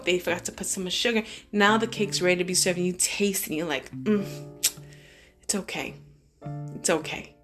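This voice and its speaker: A woman vlogger giving a motivational monologue to her followers, talking emphatically with shifting pace. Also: fairly low pitch. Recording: guitar music playing behind the voice.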